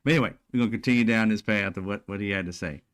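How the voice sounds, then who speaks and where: A man's voice: fairly low pitch, very fast, a bit bright, clean tone. A man hosting casual political commentary, talking bluntly with profane slang and a mocking, sarcastic edge. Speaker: commentary channel host.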